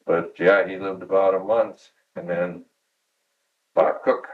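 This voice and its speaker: A man's voice: low voice, fairly even intonation, slow pace, distant mic, narrow, tinny audio. A man in his sixties from Michigan, recalling workplace anecdotes at home in an oral history interview, chuckling and acting out quoted dialogue. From Michigan, USA. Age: 60s. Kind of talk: storytelling reminiscence.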